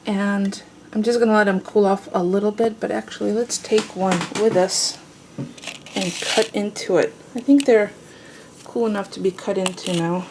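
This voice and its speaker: A woman's voice: medium pitch, fairly even intonation, normal speed, a little mellow, a little hiss or hum. A woman casually talking through a home baking demonstration, chatty and self-teasing, tasting as she goes. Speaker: home cooking vlogger. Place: home kitchen.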